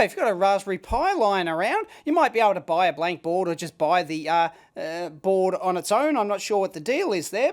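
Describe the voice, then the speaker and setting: Australian man, electronics host, casual bench demo, excitable, blokey slang. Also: very high voice.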